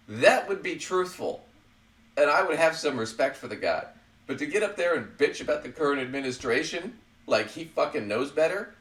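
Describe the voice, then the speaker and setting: A man's voice: fairly high pitch, big pitch swings, brisk, fairly bright tone. A man hosts a casual political podcast, blunt and profane, and he laughs at his own jabs. He sits well back from the microphone. The room around him rings and echoes. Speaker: podcast host. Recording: roomy sound, far from the mic.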